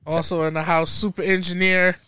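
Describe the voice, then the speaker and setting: A young man co-hosting a podcast, with a bright, clear voice that sounds dry and close. He ribs his friends with quick comebacks. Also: sits high, flat delivery, dry recording. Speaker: podcast co-host. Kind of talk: casual chat.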